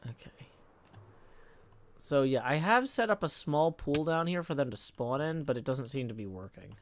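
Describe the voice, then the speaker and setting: A tired male streamer gives casual live commentary on a game, talking to himself and reading chat aloud with soft muttered asides. His voice is a little high and expressive at normal speed, with a slight hiss or hum.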